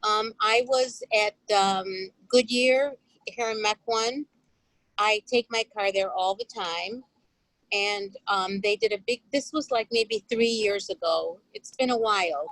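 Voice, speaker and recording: A woman on a video call telling a personal story to a discussion group in an animated way. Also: medium pitch, no echo, poor audio. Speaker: course participant.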